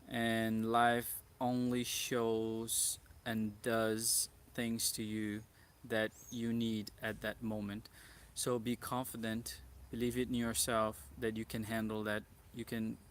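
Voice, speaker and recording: A man's voice: lowish voice, fairly bright tone. A man from Brazil with a Brazilian Portuguese accent, talking in a rambling, earnest personal vlog, full of "like" fillers. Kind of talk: reflective personal vlog monologue.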